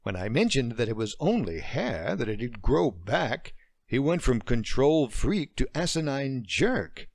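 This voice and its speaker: A woman's voice: rumbling low, sing-song, a little slow, darkish tone, dry recording, studio quality, heavily acted. A man voicing a hurt adult woman heroine who forces cheer over her anger, in a romance audiobook. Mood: angry.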